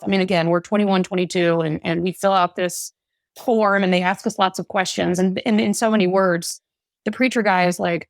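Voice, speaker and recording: A woman in her thirties, a relationship coach guest on a podcast, talking in an animated, self-mocking way. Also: mid-range voice, normal speed, gravelly, no echo, studio quality. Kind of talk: casual podcast interview.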